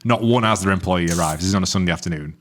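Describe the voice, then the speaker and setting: A podcast co-host with a low, slightly bright voice talks very fast in casual chat. He tells a story full of swearing, acting out what each person said.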